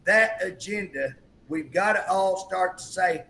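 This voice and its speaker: High, bright-voiced emphatic male host. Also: measured pace, creaky, slight background noise, low-quality recording. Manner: emphatic, repetitive storyteller acting out quotes. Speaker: talk show host. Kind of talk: political talk show chat.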